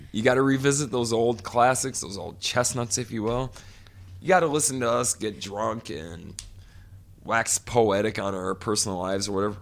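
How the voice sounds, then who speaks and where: A man's voice: fairly low pitch, fairly bright tone. A man in his forties co-hosting a podcast, telling a long profane story in casual chat. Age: 40s. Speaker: podcast co-host.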